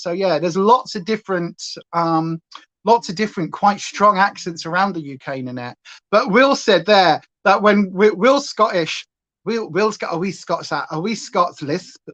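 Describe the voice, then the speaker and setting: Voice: medium pitch, moderate pace, a bit bright. A makeup livestream host with a Northern English accent, chatting casually and going off on rambling tangents while doing makeup. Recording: slightly dull lo-fi sound.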